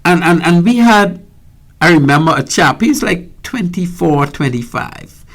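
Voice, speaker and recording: A man's voice: fairly high pitch, animated, a little slow, fairly bright tone. An older man with a Bahamian accent hosting a radio talk show, speaking emphatically and often repeating words as he gathers his thoughts. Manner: emphatic, repeats words while searching, indignant.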